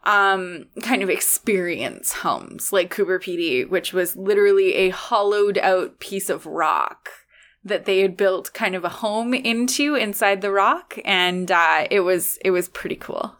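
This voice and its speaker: A woman's voice: medium pitch, measured pace, a bit bright. A young adult woman co-hosting a podcast in casual, upbeat chat, laughing often. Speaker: podcast co-host.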